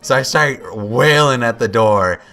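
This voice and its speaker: With soft music in the background, a young man of medium pitch speaks unhurriedly in a pushed, bright voice while commenting on a game. His story rambles, with frequent restarts and self-quotations.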